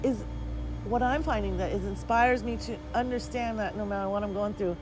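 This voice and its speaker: A woman's voice: mid-range voice, moderate pace, background noise. A woman co-hosting a casual talk show, chatty and rambling, often laughing. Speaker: podcast co-host. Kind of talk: casual chat.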